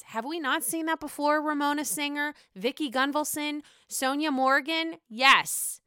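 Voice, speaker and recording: A woman's voice: sits high, a little slow, hardly any pauses, bright, forceful tone, no echo, clean studio sound. Profane, gossipy woman podcast host. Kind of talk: casual reality-TV recap chat.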